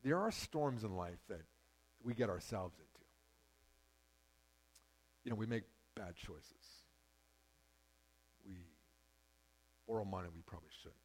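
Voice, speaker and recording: A pastor from Canada preaching a sermon in a conversational, storytelling way, with frequent restarts. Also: male voice, lowish voice, animated, unhurried, pauses often, rough recording.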